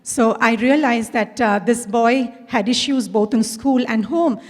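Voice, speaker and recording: Casting: middle-aged Indian English woman, school principal, stage storyteller, higher voice, big hall reverb. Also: measured pace, a little mellow. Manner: storytelling, acts out quoted dialogue. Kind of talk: inspirational conference talk. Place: large conference hall.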